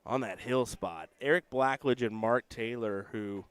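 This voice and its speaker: A man giving relaxed, chatty live commentary on a darts match, with joking asides about himself. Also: medium pitch, unhurried, smooth. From United States.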